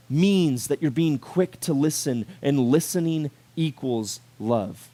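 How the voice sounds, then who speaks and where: A male youth pastor giving a laid-back sermon with a slightly higher-pitched voice. He talks in a lively, chatty way and peppers the talk with rhetorical questions and casual filler words. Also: unhurried, hardly any pauses. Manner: animated, conversational, full of "like" and rhetorical questions.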